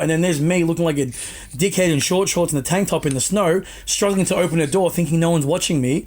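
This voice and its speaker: Fast-talking with a fairly high voice and a darkish tone, this Melbourne man in his twenties appears as a guest on a podcast. His anecdotes are casual and self-deprecating, sprinkled with the occasional swear.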